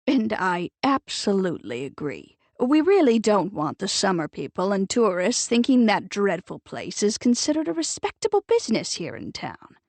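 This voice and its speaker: A prim older busybody who sniffs at anything she disapproves of, as a woman reads her. She talks airily and stresses her words firmly, with lively swoops in pitch, a gravelly edge and a dry, close sound. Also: normal speed, hardly any pauses, dry recording. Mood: disapproving. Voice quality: haughty, emphatic and airy.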